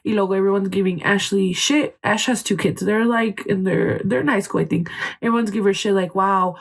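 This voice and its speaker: A woman's voice: mid-range voice, fairly even intonation, a little fast, gravelly. A young woman hosting a casual podcast, telling a gossip story in a chatty way, swearing, slipping Spanish phrases into her English and acting out quotes. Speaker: podcast host.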